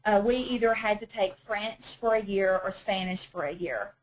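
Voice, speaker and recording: A woman's voice: medium pitch, moderate pace, rough recording. A woman teaching a women's Bible study in a chatty, self-deprecating way, often laughing at herself. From North Georgia, USA.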